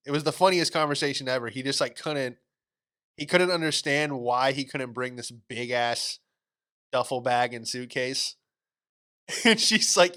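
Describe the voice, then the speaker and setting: Rambling young man, bright voice. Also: medium pitch, fairly quick. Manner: rambling, laid-back, full of fillers and slang. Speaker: podcast host. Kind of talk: casual comedic storytelling.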